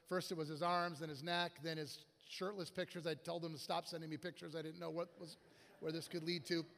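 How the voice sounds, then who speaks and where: A man's voice: fairly high pitch, a bit bright. A man preaching a guest sermon in a church, telling stories and acting out the people in them. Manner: storytelling with acted-out quotes and asides. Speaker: guest pastor. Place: church sanctuary. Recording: long church hall reverb.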